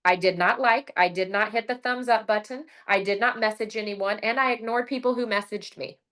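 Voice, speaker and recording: A middle-aged woman giving a casual motivational talk over a video call. She tells her story with lively energy, acts out her own lines and often says "like" and "right?". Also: medium pitch, brisk. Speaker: presenter sharing her sales story.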